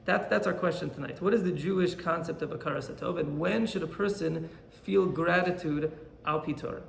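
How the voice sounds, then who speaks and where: A rabbi gives a Torah class in a high, gravelly voice, telling stories with lively energy and acting out the people in them. The recording is roomy and echoey. A faint hum of ambience sits underneath. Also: male voice, fairly quick. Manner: animated storyteller, acts out quoted characters.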